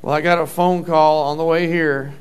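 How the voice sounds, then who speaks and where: A man's voice: a little high, level tone, normal speed, clear, resonant tone. A middle-aged man preaching a sermon as a pastor, telling stories with fervent interjections of praise.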